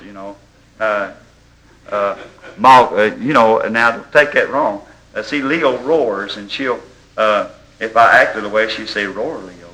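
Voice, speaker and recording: A man preaching a sermon, telling folksy stories and rising into loud exhortation. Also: medium pitch, a little hiss or hum, poor audio.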